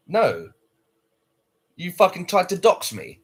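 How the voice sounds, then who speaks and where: A man with a husky, slightly high voice chats on a livestream, bluntly answering viewers and swearing freely. His pitch swings widely as he talks, giving him a lively, up-and-down delivery. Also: normal speed. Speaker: livestreamer reading chat. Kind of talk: casual livestream chat.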